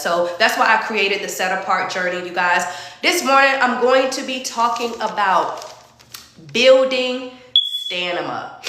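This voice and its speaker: A woman's voice: medium pitch, a bit bright, reverberant. A young woman giving an informal sermon as a faith coach, repeating her key phrases and checking in with her listeners with "right?" and "y'all". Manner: repetitive, call-and-response asides like "right?" and "y'all".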